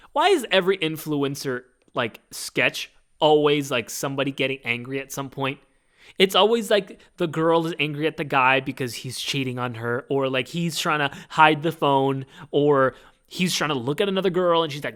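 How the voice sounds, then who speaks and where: A man hosting his own podcast, talking in an animated, rambling casual monologue full of fillers. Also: on the high side, normal speed. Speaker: podcast host.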